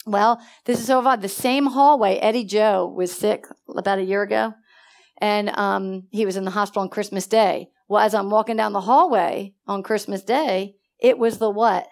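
A middle-aged woman preaching a sermon full of personal stories, swinging from hushed to loud and asking her listeners questions. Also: mid-range voice, moderate pace.

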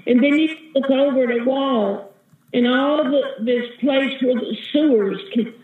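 A woman's voice: high voice, a little slow, echoey room, a little hiss or hum. Woman giving fervent testimony over a phone line. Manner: earnest, vivid storytelling, calls listener sister. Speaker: guest evangelist. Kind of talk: testimony in an interview.

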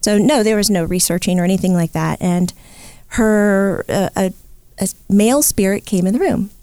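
Middle-aged lady telling her story, mellow voice, dry close sound, really animated. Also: mid-range voice, moderate pace, clean tone, dry recording. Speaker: guest, psychic medium. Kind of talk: storytelling in a casual interview.

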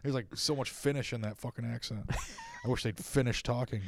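A man's voice: medium pitch, fairly even intonation, fairly quick, gravelly, a little hiss or hum. Swearing, laughing American podcast guy. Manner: swears a lot, laughs often. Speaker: podcast co-host. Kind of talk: casual chat.

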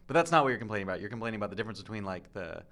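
A man whose pitch moves a lot, chatting casually in a group. He asks questions and laughs easily. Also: expressive, rapid-fire, a bit bright. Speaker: panelist.

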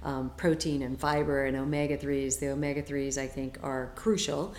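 A low-voiced woman speaking as a health coach guest on a podcast. She is chatty and enthusiastic, full of ums and likes. The room sounds echoey, with faint ambience behind her. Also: fairly even intonation, moderate pace, a little mellow, slight background noise. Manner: chatty, enthusiastic, many fillers. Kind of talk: casual interview chat.

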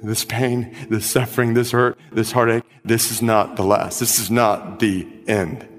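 Male pastor, slow deliberate sermon delivery, recorded in a large church with music beneath. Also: medium pitch, little pitch movement. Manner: slow, emphatic preaching with dramatic scripture reading. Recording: music behind, long hall reverb.

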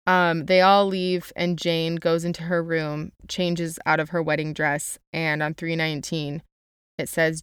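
A woman's voice: deep voice, little pitch movement, a little slow, clean tone, dry recording, clean studio sound. A young woman summarizing a novel in a chatty, casual way, with lots of "like" and quotes read aloud. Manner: chatty, uses "like" a lot, reads quotes aloud.

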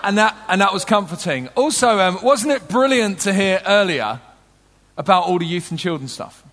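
A British man in middle age preaching with a notably high voice. He tells stories with easy humour and a conversational touch. His voice rings out with a long reverb, as in a large hall. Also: expressive, normal speed, a bit bright, slight background noise. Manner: humorous, conversational, storytelling. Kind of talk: sermon.

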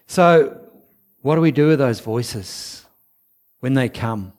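A man giving an informal, chatty sermon, with laughing asides and a low voice for the quoted whispers. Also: lively intonation, slow pace, a little mellow. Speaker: preacher.

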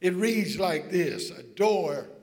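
Gravelly preacher, high-pitched and slow. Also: male voice, lively intonation. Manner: builds from hushed storytelling to shouted, sing-song preaching. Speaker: pastor. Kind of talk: sermon. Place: church with congregation.

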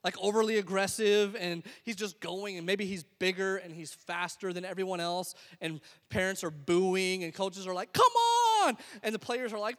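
A man's voice: sits high, moderate pace, few pauses, fairly bright tone, big-room sound. A man preaching a sermon as pastor, telling stories in a conversational way and acting out what people said. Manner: conversational storytelling with acted-out quotes.

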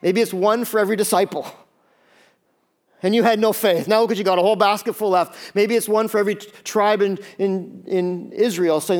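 A man preaching a sermon in a lively, conversational way, with quick asides and acted-out quotes. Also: high-pitched. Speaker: pastor.

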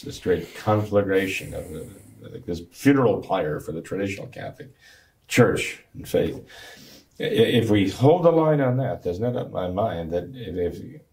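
A man, a priest, talking earnestly in an interview with a gravelly, recovering voice and preaching restarts. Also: sits low, moderate pace, a little mellow. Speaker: priest guest. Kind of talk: talk show interview.

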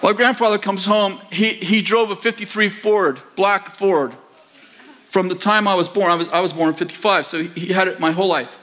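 Older male pastor, sixties, high-pitched, rambling storyteller who acts out quotes in a sermon. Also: fairly even intonation, moderate pace, a bit bright. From United States. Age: 60s. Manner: rambling, self-correcting anecdotes with acted-out quotes. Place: church auditorium.

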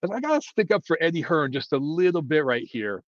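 A man's voice: a little high, big pitch swings, fairly quick, no room sound. Blunt, rambling man talking boxing. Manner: blunt, rambling, frequent fillers and restarts. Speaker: boxing commentator. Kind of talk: casual opinion monologue. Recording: dull lo-fi dry sound.

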